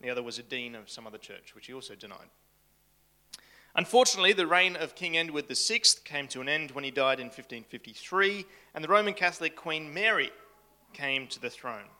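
A man's voice: fairly high pitch, animated, brisk, pushed and bright. A man giving a casual history talk to a live audience in a room, chatty and full of joking asides. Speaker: camp speaker.

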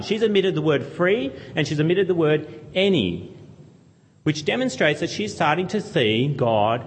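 A man's voice: fairly high pitch, animated, moderate pace. A man preaching a sermon, teaching earnestly and asking his listeners questions as he goes. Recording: long hall reverb.

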